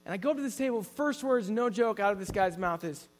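A man's voice: high-pitched, expressive, quick pace, in a large hall, slight background noise. A man preaching a sermon in an earnest storytelling way, often restarting his sentences.

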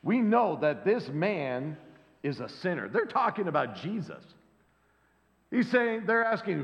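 A pastor preaches a lively sermon, acting out the voices of the people in the scripture story. His voice is on the high side and gravelly, his pace measured, and the recording sounds dull and lo-fi with long hall reverb.

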